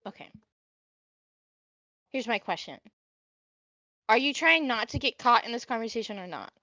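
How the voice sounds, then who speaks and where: A woman narrating as game master, relaxed and chatty. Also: on the high side, moderate pace, no echo. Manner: relaxed, with fillers and laughs.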